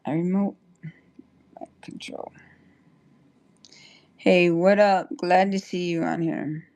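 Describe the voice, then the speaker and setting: A woman's voice: on the low side, steady tone, slow pace, darkish tone. A woman chatting on a livestream, rambling and apologetic, stopping and restarting her sentences. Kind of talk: casual livestream chat.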